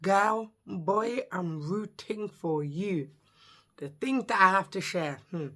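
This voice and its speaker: A woman in her thirties, a social worker, introducing her vlog channel in an excitable, chatty, joking way, with a voice she says sometimes gives out. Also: medium pitch, slow.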